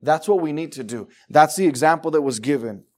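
A man preaching a sermon with fervour, swinging from low, quiet stretches to loud, emphatic bursts. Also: expressive, fairly quick.

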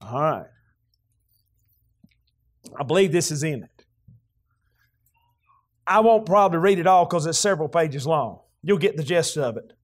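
A high-voiced man with a Southern US accent preaching a folksy sermon. He talks like he is telling a story to friends. When he gets worked up, his voice climbs and breaks into loud shouts. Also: animated, unhurried, pauses often. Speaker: pastor.

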